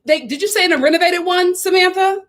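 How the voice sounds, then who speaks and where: A woman hosting a live stream, giving sassy, animated commentary on a reality show and talking straight to her viewers. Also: extremely high pitch, fast talker. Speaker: live show host reviewing a reality series.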